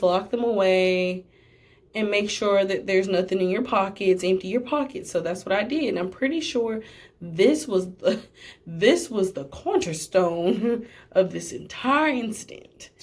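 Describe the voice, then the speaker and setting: A young woman who works at a testing center, telling a storytime vlog in an animated, sassy way with slangy asides. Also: mid-range voice.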